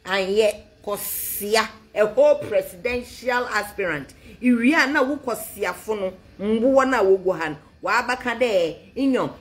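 A woman with a fairly high voice that swoops up and down with lively animation. She rants about politics in a mocking, taunting tone, slipping between English and another language and breaking into laughter. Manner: taunting, sing-song mockery with laughs; mixes English with a local language. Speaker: political commentator.

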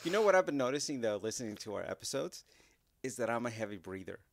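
A middle-aged man from Mexico, co-hosting a casual podcast with his daughter, playful and quick to laugh. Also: medium pitch, very animated, creaky, no echo. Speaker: podcast co-host, father. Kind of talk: casual chat.

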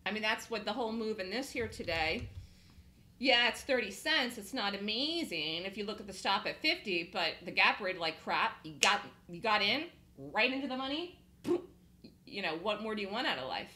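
Bright-voiced woman coaching traders. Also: medium pitch, expressive, roomy sound, poor audio. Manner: fast, emphatic, laughs easily, repeats points. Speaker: trading room host. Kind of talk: live trading room coaching.

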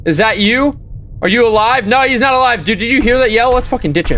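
A young man playing a horror game and reacting out loud, swearing a lot and breaking into panicky yells. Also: high voice, lively intonation, a little fast, loud music behind the voice. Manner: upbeat sign-off asking for support. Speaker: gaming YouTuber. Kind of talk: horror game let's play commentary.

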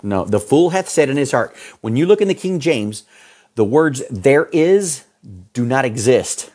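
Man, pastor, husky voice, fiery sermon, loud peaks and low muttered asides. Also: animated, unhurried.

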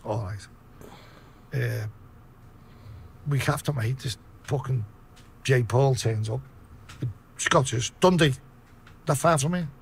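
A man with a Liverpool accent telling profane, animated stories in a casual interview. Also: medium pitch, takes it slowly, creaky, pauses often, a little hiss or hum. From Liverpool, England. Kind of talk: casual storytelling.

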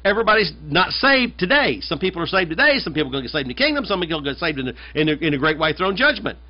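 Emphatic American pastor preaching. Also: male voice, on the high side, very animated, rapid-fire. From United States. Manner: conversational, emphatic, repeats phrases. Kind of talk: sermon. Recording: dull lo-fi sermon recording.

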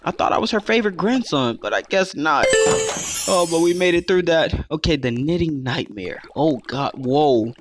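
A man giving playful let's play commentary, excitable and talking straight to his viewers as he plays. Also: on the high side, moderate pace, heavy background noise. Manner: excitable, calls himself "your boy", keeps addressing viewers as guys. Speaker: gaming YouTuber.

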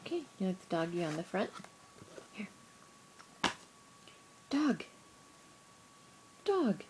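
A woman reading a picture book aloud to a toddler, in sing-song baby talk with gasps and soft whispers. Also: mid-range voice, sing-song, slow, long pauses, a little hiss or hum, rough recording.

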